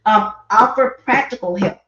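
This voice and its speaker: A woman's voice: mid-range voice, normal speed, sharp tone. A woman hosting a livestream, talking about grief in an earnest, rambling, conversational way. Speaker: livestream host. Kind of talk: casual personal talk on grief. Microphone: livestream microphone. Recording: roomy, dull livestream audio.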